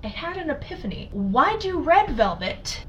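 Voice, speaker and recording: A young woman vlogging casually from her home kitchen as she bakes. She chats, swears freely and breaks into loud exclamations. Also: sits high, sing-song, moderate pace. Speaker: baking vlogger. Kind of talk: casual baking vlog. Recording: distant mic, background music.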